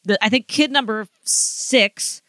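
A woman's voice: a little high, takes it slowly, sharp tone, dry recording. A woman co-hosting a podcast, chatting casually and rambling with lots of fillers and restarts. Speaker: podcast co-host. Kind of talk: casual gossip chat.

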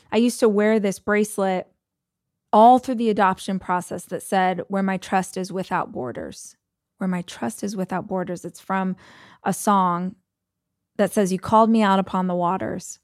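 Woman podcast host, mid pitch, dry close mic, emotional storytelling, chatty fillers. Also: a little mellow, dry recording. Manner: emotional, conversational, frequent "like" fillers. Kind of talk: personal storytelling monologue.

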